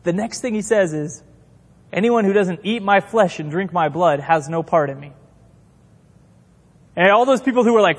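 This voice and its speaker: A middle-aged man preaching a sermon as a pastor, impassioned and animated, acting out quotes from the people in his stories. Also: high voice, moderate pace, in a large hall.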